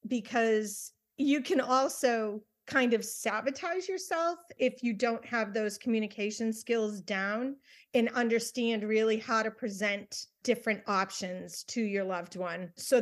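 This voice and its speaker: Higher-voiced woman giving cautious advice. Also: a little slow. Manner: cautionary, advising. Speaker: podcast co-host, family recovery coach. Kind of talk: casual podcast discussion.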